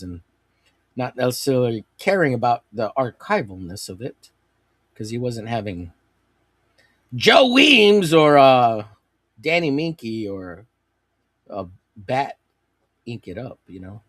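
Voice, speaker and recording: A man's voice: mid-range voice, measured pace, no room sound, studio quality. A man hosting a live comic-drawing stream, rambling casually and cracking crude jokes. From United States. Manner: rambling, crude joking, animated.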